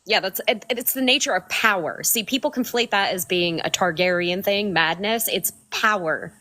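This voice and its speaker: A woman's voice: medium pitch, normal speed, pushed and bright, no echo. A woman co-hosting a casual fan podcast, blunt and swearing casually. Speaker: podcast co-host.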